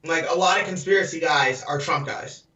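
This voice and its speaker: A man's voice: fairly high pitch, normal speed, pushed and bright. A man co-hosting a casual podcast, rambling with lots of fillers and laughs over a video call. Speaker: podcast co-host. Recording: echoey, distant, lo-fi video call audio.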